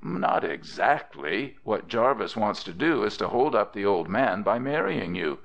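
Man doing a young cowboy, frank, easygoing, drawling, lively delivery, lo-fi audiobook. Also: lowish voice, unhurried, gravelly, heavily acted. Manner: drawling, plain-spoken western talk.

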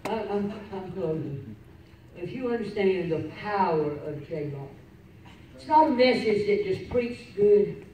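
A woman pastor preaching a sermon, fervent and swinging from loud exclamations to quiet storytelling. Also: mid-range voice, lively intonation, a little slow. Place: church sanctuary. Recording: echoey church, distant mic, faint hiss.

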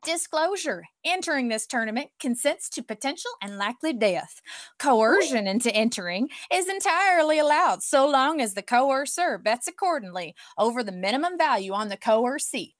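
Woman doing a Southern US accent, folksy mock-ad announcer, hammy drawl, high voice, dry sound. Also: sing-song, normal speed, no room sound. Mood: hammy salesy. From Oklahoma.

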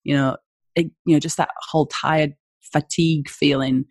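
A woman from northeast England with a northeast English accent talks through her story in a relaxed, conversational way. Her voice sits low, and the recording is close and dry. She grows animated as she tells it. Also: moderate pace, no room sound. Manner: chatty, storytelling, animated when excited. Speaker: guest, small food business owner. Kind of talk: casual conversational interview.

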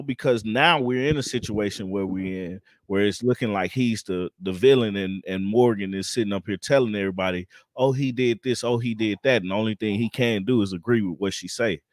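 Calm man, dry close sound. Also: on the low side, a little fast, no room sound. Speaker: podcast co-host. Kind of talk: casual reality-TV discussion.

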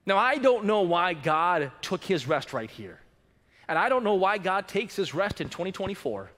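High, bright-voiced preaching pastor man. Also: big pitch swings, moderate pace, in a large hall. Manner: dynamic preaching, swinging from loud urgency to hushed low emphasis. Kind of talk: sermon. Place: church sanctuary.

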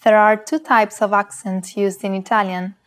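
A woman co-hosting a scripted language lesson. She says example words slowly and carefully so that learners can repeat them. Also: mid-range voice, little pitch movement.

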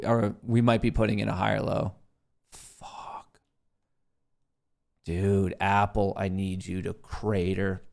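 A fairly low-pitched male voice with vocal fry belongs to a young livestream host who day trades. Casually talking to his viewers and to himself, he grumbles and swears at the market.

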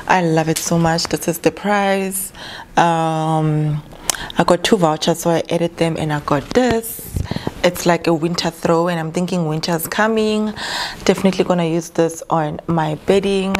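A woman's voice: lowish voice, darkish tone, a little hiss or hum. A young South African woman chatting casually in an unboxing vlog, gushing and emotional with gratitude. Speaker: vlogger.

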